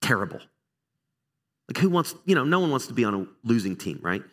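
A middle-aged pastor talks a little fast at a medium pitch while preaching a conversational sermon. He tells stories about himself in a candid, lively, self-deprecating way.

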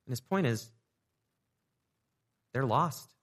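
Man, pastor, sermon, conversational, rhetorical questions, middle pitch, reverberant hall. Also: animated, takes it slowly, a bit bright. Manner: repeats words as he restarts.

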